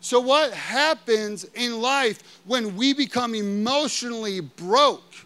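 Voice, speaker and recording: A man's voice: extremely high pitch, expressive, takes it slowly, bright, forceful tone. A man preaching a sermon, telling personal stories in a conversational way with lots of filler words and questions to the audience. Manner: conversational storytelling with frequent "like" fillers.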